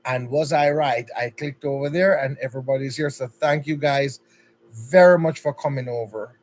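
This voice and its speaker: A man's voice: mid-range voice, moderate pace, low-quality recording. A man with a Jamaican accent hosting a casual livestream, chatty and upbeat, greeting viewers one by one by name. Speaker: livestream host.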